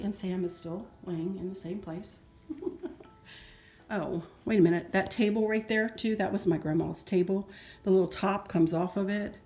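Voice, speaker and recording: Chatty woman in an echoey house. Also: fairly low pitch. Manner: chatty and sentimental, with soft laughs. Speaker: home decor vlogger. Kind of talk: casual home tour narration. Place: indoors in a house. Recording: roomy echo, faint music.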